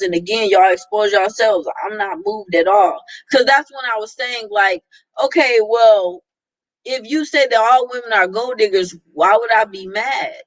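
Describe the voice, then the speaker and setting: A woman's voice: mid-range voice, dry recording, rough recording. Blunt, exasperated woman ranting. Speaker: vlogger. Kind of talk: casual opinion rant.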